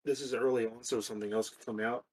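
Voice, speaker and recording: A man's voice: medium pitch, steady tone, fast, husky. A man co-hosting a podcast in casual chat, thinking aloud with restarts and blunt swearing, recorded far from the microphone with an echo. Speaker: podcast co-host. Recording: far from the mic, roomy echo.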